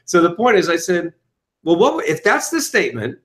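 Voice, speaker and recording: A man, a self-help author, telling his story in an interview with lively acted-out quotes. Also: sits high, normal speed. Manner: enthusiastic, quotes himself and audiences in lively asides.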